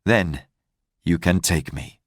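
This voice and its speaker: A man doing a gentle, deep-toned kind man. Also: dry recording, studio quality. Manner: gentle and slow. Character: kind, strong middle-aged man, calm and gentle.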